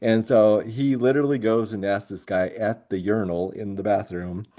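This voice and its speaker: Mellow-voiced coach telling a story. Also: male voice, fairly low pitch, moderate pace. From grew up moving around as a military kid. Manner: animated storyteller who laughs often through his tale. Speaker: high school track coach and teacher. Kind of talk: storytelling in a podcast interview.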